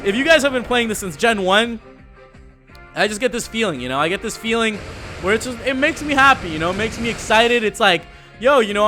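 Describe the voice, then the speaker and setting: A man's voice: sits high, pushed and bright. A man giving casual, laid-back commentary while playing a video game, slangy and joking. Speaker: let's play host.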